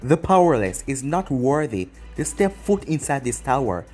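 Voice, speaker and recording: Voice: mid-range voice, big pitch swings, moderate pace, dark tone, faint music behind. A storyteller voicing a proud, menacing three-headed gatekeeper dog in a fan story. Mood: commanding. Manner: haughty, commanding.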